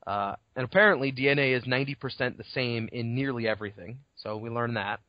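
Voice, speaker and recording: A man on a podcast rambles through a chapter summary, swearing freely and slipping into the characters' voices. His voice sits at a middle pitch. The sound is dull and lo-fi, dry with no room echo. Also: fast. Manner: rambling recap, swearing, acts out characters' lines. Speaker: podcast co-host. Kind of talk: casual chat summarizing a novel chapter. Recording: dull lo-fi home recording.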